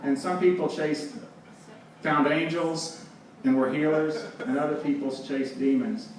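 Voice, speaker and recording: A man's voice: on the high side, fairly even intonation, a little slow. A man giving a stage talk, telling wry anecdotes with frequent laughs. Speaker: presenter. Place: live event hall with audience. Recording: roomy, distant, with background noise.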